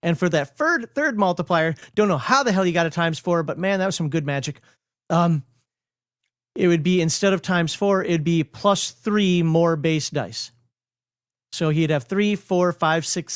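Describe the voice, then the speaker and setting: A man's voice: on the high side, moderate pace, dry recording, studio quality. A man with a Minnesotan accent hosting a casual livestream, explaining game rules while rambling, correcting himself and laughing often.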